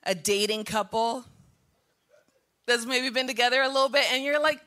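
A woman pastor preaching a sermon, animated and laughing at times, building to shouted passages. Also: high-pitched, normal speed.

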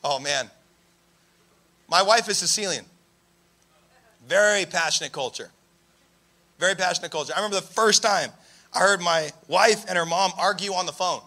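A young man preaching a sermon, telling stories in an animated way and raising his voice for emphasis. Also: sits high, normal speed, pauses often. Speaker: pastor.

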